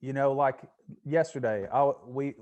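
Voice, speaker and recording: A man's voice: medium pitch, measured pace, a little mellow, muffled recording. Laid-back man telling stories. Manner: laid-back storytelling with frequent swearing. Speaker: podcast host. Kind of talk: casual podcast chat.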